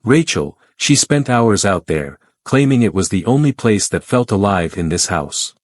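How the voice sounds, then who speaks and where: Male narrator as a reserved widower, low and clipped. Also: animated, normal speed, dry recording, studio quality. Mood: guarded. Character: reserved grieving wealthy widower.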